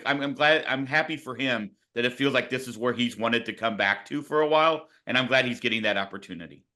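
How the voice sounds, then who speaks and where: A man co-hosting a sports podcast in casual chat, with a bright, forward tone. He hedges his points and argues playfully, and his pitch sits in a middle range. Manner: hedging, reflective, playfully argumentative. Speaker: podcast co-host.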